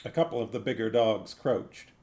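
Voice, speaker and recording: A man reading a novel aloud on a stream, narrating slowly. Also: lowish voice, a little mellow. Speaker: reader on a stream.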